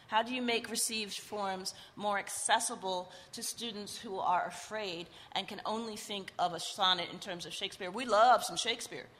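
A woman's voice: mid-range voice, a bit bright. A woman who teaches poetry, giving a frank, wry, conversational talk before a reading. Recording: long reverb and faint noise.

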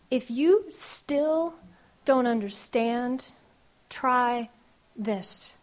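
A woman poet, reading her poems aloud live in a wry, unhurried way. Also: high voice. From Kentucky. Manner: wry, unhurried, drawn-out vowels in the verse.

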